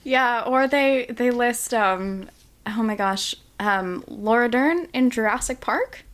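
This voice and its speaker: A woman's voice: fairly high pitch, slow pace. A woman chatting casually on a podcast, often laughing and putting on mocking voices. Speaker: podcast guest.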